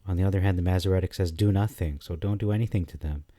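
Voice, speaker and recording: A man giving casual commentary on scripture, thinking aloud with frequent pauses, fillers and restarts. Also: sits low, steady tone, mellow, no room sound.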